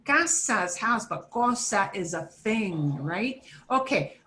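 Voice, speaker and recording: Bright-voiced woman teaching slowly. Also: medium pitch, sing-song, slight background noise. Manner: slow, drawn-out modeling of words for students to repeat. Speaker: Spanish teacher. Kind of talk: beginner language lesson.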